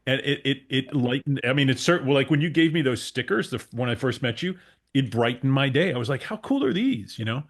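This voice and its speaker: A male interviewer with an ordinary mid-pitched voice speaks in a relaxed, conversational way. He affirms and builds on what his guest has just said. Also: fast talker. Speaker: interview host. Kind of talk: casual interview chat.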